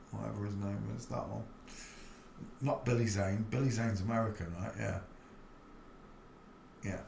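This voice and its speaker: Man, livestream host, blunt, rambling, mid-range pitch, echoey room, faint background noise. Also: creaky. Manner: chatty, rambling, blunt, laughs at his own jokes. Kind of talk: casual livestream commentary. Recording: roomy echo.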